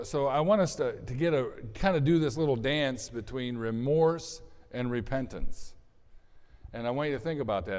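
Man, pastor, conversational sermon, restarts, mid pitch, long hall reverb. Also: darkish tone. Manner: conversational preaching with many restarts and scripture readings.

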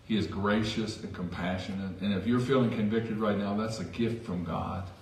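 A man's voice: lowish voice, steady tone, moderate pace, darkish tone, recorded from a distance, slight background noise. A man preaching a sermon as pastor in a church, conversational with self-deprecating asides. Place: church sanctuary. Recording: echoey church hall from afar.

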